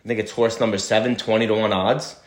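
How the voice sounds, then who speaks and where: Laid-back joking man, low voice. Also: fairly even intonation, quick pace, roomy sound. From Italian heritage. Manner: loose, joking, swears freely, laughs often. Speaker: podcast co-host. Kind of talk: casual chat.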